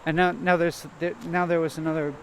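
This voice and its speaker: A man vlogging as he walks a nature trail, thinking aloud in a halting, hesitant way and repeating words. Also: fairly high pitch, flat delivery. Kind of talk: rambling self-reflective monologue while walking. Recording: faint outdoor noise.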